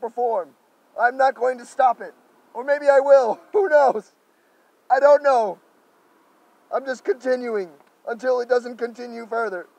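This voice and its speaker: A man giving an improvised spiritual monologue to camera, effusive and gentle, pausing often and repeating thanks and loving affirmations. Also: very high voice, rough recording. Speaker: spiritual speaker.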